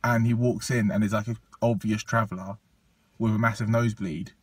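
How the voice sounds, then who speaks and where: A man from Portugal tells a meandering, expletive-laden story, stopping often for ums and quick laughs. His voice is husky and sits close and dry on the mic, at a middle pitch. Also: steady tone, dry recording, distant mic. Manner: rambling, sweary, many ums, laughing. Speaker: podcast co-host telling a story. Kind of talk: casual storytelling chat.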